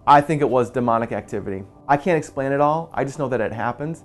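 A man in his forties, a pastor, telling an earnest personal story in a quiet, soft-spoken way. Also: medium pitch, fast talker. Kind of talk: personal testimony in a church video. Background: soft guitar music.

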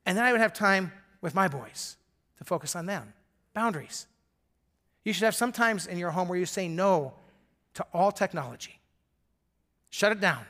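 A man's voice: high voice, animated, normal speed, pauses often, sharp tone. A middle-aged male pastor preaching a sermon in an earnest, emphatic way.

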